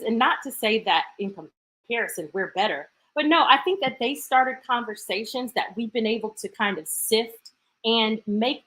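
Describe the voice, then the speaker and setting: A woman's voice: mid-range voice, a bit bright. A woman hosting a live stream, talking casually and playfully to her viewers and thinking aloud as she goes.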